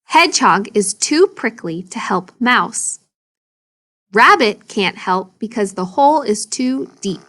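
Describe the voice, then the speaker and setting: A woman's voice: on the high side, expressive, slow, pushed and bright. A woman teacher reading a story aloud and explaining it to children in a video lesson.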